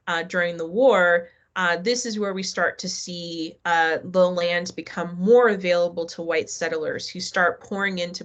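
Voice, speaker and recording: A woman's voice: on the low side, fairly bright tone. Female history teacher, live online class, loose and chatty, quizzes the students. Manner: conversational, asks the class questions.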